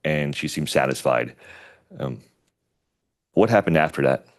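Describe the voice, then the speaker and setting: A man acting as an attorney in a courtroom, questioning a witness in a measured, methodical way. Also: a bass voice, animated.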